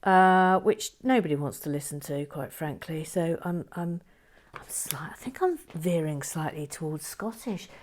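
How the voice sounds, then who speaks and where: A woman's voice: low voice, expressive, measured pace. Chatty woman whispering as she builds. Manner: chatty, self-mocking, drops into soft whispers. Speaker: Lego building vlogger. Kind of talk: casual chat while building, reading viewer comments.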